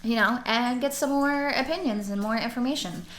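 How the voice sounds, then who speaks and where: A woman's voice: fairly high pitch, moderate pace, fairly bright tone, a little hiss or hum. A young woman chatting casually to camera as a book vlogger, rambling with restarts. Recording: roomy echo.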